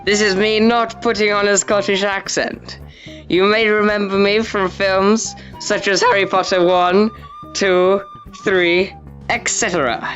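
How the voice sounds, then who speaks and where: A man voicing a gruff, rude male teacher who lectures curtly and hurls insults. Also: fairly even intonation, measured pace, fairly bright tone. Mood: lecturing. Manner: deep, curt, insulting, lecturing. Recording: dull lo-fi audio with faint music.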